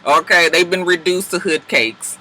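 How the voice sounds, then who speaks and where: A man giving a casual, profane TV episode recap, acting out the characters' lines in quick asides. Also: high-pitched, bright, forceful tone, slight background noise. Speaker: TV recap reviewer.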